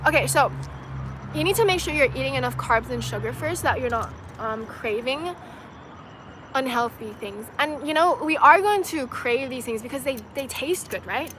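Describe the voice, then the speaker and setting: A woman's voice: high-pitched, animated, moderate pace, a bit bright, slight background noise. A young woman from China hosting a casual livestream outdoors, chatting loosely with lots of "like" and "you know" and laughing often. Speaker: livestream host answering viewer comments. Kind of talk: casual chat.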